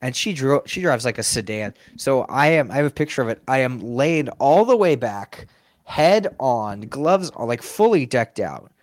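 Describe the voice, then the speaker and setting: Laughing, animated man telling stories. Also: mid-range voice, normal speed, no room sound, clean studio sound. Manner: animated, laughs often, acts out quotes. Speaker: sports mascot performer. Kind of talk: casual interview storytelling.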